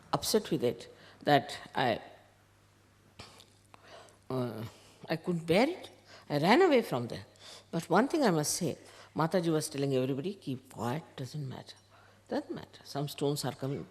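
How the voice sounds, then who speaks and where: An older woman tells a story to her followers, quoting each person in turn, with soft laughs. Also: deep voice, normal speed, long pauses. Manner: animated anecdote, quoting others in dialogue, soft laughs. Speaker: spiritual teacher.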